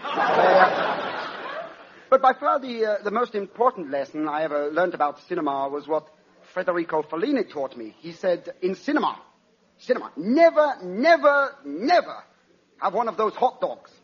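A man playing a halting, deadpan film director. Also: sits high, breathy edge, heavily acted. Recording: dull lo-fi sound, noisy crowd.

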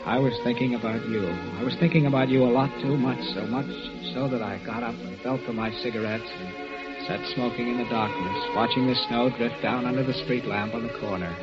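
A male actor voices an earnest man looking back on events in a 1940s radio drama. His reflective narration stays in a mid-range voice. The recording sounds dull and dated, with clear music under the voice. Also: mid-range voice, brisk, close to an everyday voice.

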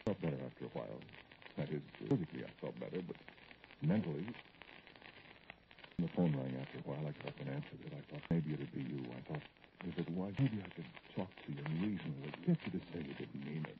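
A man's voice: rumbling low, big pitch swings, fast talker, vocal fry, lo-fi sound, exaggerated voice. An actor playing a haunted, brooding middle-aged man in a 1940s radio drama, narrating intensely to an unseen listener, on a hissy old broadcast recording.

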